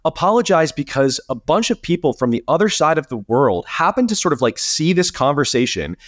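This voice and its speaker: A man co-hosting a podcast in casual chat, talking animatedly and swearing, his pitch jumping up when he gets indignant. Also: very animated, fairly quick, few pauses, dry recording, clean studio sound. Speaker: podcast co-host.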